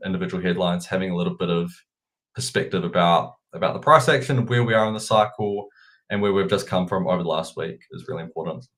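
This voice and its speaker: New Zealand man talking markets. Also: deep voice. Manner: relaxed, repeats words when thinking. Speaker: guest analyst. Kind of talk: casual market chat.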